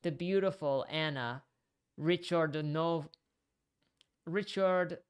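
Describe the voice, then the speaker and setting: A woman reading a novel aloud in an animated, casual way, stopping to correct her own slips. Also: low voice, measured pace, clean tone. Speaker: reader.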